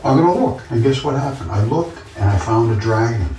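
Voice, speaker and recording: A man's voice: mid-range voice, animated, a little fast, dark tone. A man talking in a casual monologue, earnest and insistent, often repeating himself as he tells his story. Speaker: vlogger. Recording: roomy, distant from the mic.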